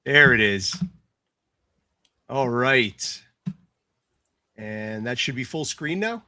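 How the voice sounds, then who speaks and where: Bright-voiced man, stammering. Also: medium pitch, expressive, drawn-out words. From United States. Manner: stammering restarts, chatty. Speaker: host. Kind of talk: casual podcast chat.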